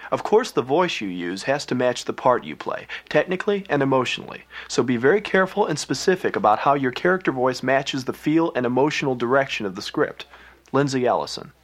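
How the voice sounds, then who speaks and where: A man's voice: mid-range voice, lively intonation, fairly quick. A man hosting a program and giving instructive scripted narration. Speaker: program host.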